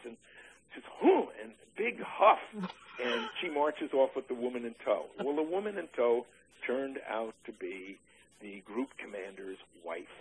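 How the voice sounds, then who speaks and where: An older man in an oral history interview, recalling his army days with dry humor and many halting "uh" restarts. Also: medium pitch, sing-song, slight background noise, rough recording.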